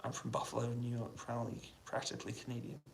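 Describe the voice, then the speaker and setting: A British man in a hotel room, answering viewers' questions on a casual, relaxed live stream and keeping his voice down so he doesn't wake anyone. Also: medium pitch, fast talker, gravelly, rough recording. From United Kingdom. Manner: relaxed, quiet voice to avoid waking neighbours. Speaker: livestream host answering chat questions. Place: hotel room on an army base.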